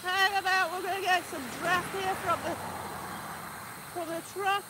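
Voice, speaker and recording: A woman vlogging outdoors while flying a drone, out of breath and excited, laughing often. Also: very high-pitched, measured pace, background noise. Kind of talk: casual live vlog.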